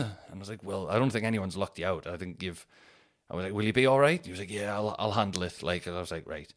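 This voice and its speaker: A man hosting a podcast, telling a casual anecdote in a rambling way, with quick restarts and acted-out quotes. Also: low voice. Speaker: podcast host.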